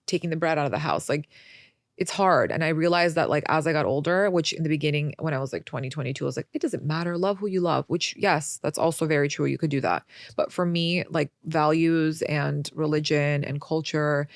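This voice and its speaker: A woman's voice: low-pitched, a little fast, no room sound, studio quality. A young woman chatting as a podcast guest, telling stories and acting out quoted voices. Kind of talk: casual interview talk.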